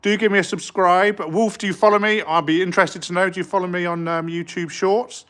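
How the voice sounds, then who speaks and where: A man's voice: sits high, steady tone, a little fast, fairly bright tone. Chatty man streaming live. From England. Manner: chatty and rambling, many ums, greets viewers eagerly. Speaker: street artist streaming live. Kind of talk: casual live-stream chat while working. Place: indoor art studio.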